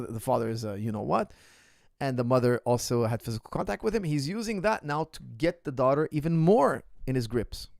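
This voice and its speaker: A man, a martial arts coach, chatting casually in a Q&A and telling stories in an animated way, acting out the people he quotes, often repeating words and restarting phrases. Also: fairly high pitch, creaky, no room sound, clean studio sound. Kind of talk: casual livestream Q&A chat.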